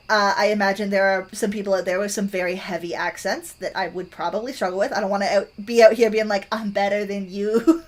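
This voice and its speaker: A young woman talks casually to her stream audience. She is chatty and rambling, circling back with restarts, fillers and easy laughs. The delivery is loose and conversational, like a streamer filling time between topics. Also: medium pitch. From Canada.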